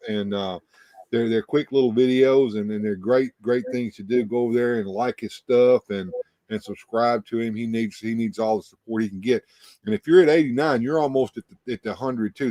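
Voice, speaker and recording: A man's voice: mid-range voice, darkish tone, dry recording. Rambling male livestream host. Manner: rambling with repeated restarts. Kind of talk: casual chat.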